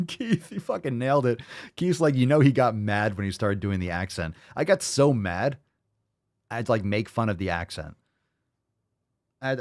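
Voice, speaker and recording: A man's voice: on the low side, no echo, studio quality. A man hosting a podcast who reacts to clips in a mocking, profane, sarcastic way. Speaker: podcast host. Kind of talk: casual podcast reaction commentary.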